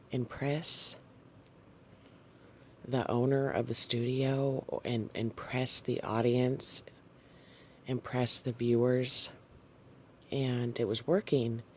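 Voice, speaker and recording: A man shares a dream with his audience at an unhurried pace, pausing often on fillers and apologizing as he goes. His voice has a gravelly texture, and his delivery stays soft and hesitant. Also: mid-range voice, fairly even intonation, slight background noise. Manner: halting, soft-spoken, frequent fillers and apologies. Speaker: channel host sharing a dream. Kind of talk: casual spoken dream recounting.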